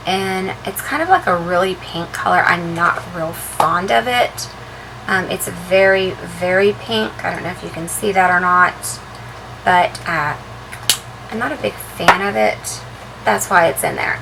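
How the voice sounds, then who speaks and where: A woman vlogger chatting casually as she shows the contents of her handbag, relaxed and full of ums and uhs. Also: on the low side, gravelly, background noise. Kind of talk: casual show-and-tell vlog.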